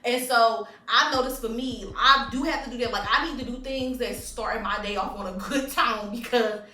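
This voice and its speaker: A woman's voice: on the high side, moderate pace, bright, forceful tone, roomy sound, distant mic. A young adult woman co-hosting a podcast, chatting casually and animatedly, repeating affirmations to herself. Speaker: podcast co-host. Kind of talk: casual chat.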